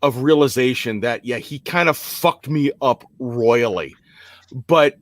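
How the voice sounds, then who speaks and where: A man's voice: medium pitch, a little slow, dry recording. A man in his forties telling a personal story on a podcast, hesitant and self-deprecating with many fillers, over a remote call mic. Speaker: podcast guest. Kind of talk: personal story in casual chat.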